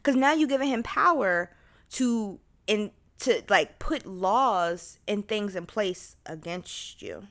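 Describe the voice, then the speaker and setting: A woman's voice: mid-range voice, expressive, takes it slowly, fairly bright tone. A young woman hosting a podcast alone, talking in a candid, rambling way with lots of fillers and restarts. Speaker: podcast host. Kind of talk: casual solo chat.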